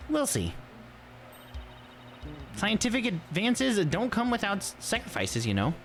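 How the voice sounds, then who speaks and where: A man's voice: high voice, huge pitch swings, unhurried, a bit bright, faint music behind, voice pushed up, exaggerated voice. A man doing sardonic young scientist woman Ema. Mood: teasing. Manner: dry, teasing, rambling about science. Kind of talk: reading game dialogue on a livestream.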